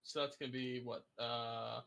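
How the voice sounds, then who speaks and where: A man's voice: medium pitch, little pitch movement, normal speed, vocal fry, fairly bright tone, clean tone. A man playing in a tabletop game, talking casually and hesitantly. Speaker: player.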